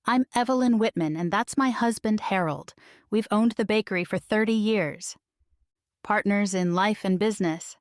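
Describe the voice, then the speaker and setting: A woman's voice: mid-range voice, moderate pace, dry recording, clean studio sound, close to an everyday voice. A woman voicing a distraught, weepy middle-aged woman baker in an audiobook. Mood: upset.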